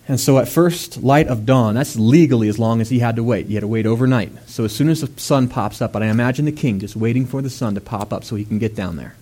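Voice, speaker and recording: A male preacher retelling a scripture story in a casual, chatty way, with fillers and quick asides. His voice sits in an ordinary middle pitch. He keeps building up to loud, emphatic stretches. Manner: animated, rising to raised emphatic delivery; conversational asides with fillers and laughs. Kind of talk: sermon.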